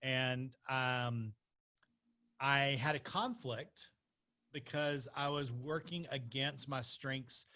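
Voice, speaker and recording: A man from North Carolina, a podcast guest, telling his story in an animated way and laughing as he talks. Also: mid-range voice, slow pace. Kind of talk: conversational storytelling.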